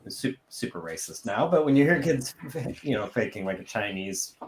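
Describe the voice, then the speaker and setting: A man's voice: mid-range voice, very animated, normal speed, slight background noise. Rambling man in an echoey room. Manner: rambling, thinks aloud with many likes. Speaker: livestream host. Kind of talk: casual chat.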